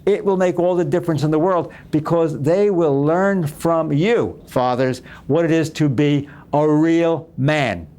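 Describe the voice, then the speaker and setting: A man's voice: a little high, a little slow, few pauses, warm tone. A man hosting a talk show, speaking to viewers in an earnest, exhorting way and repeating phrases for emphasis. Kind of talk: preaching talk show host.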